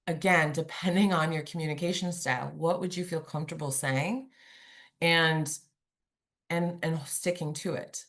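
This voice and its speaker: A woman's voice: sits low, fairly even intonation, normal speed. A woman giving a conversational webinar presentation over a video call, chatty and humorous, acting out examples as she goes. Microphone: remote video call.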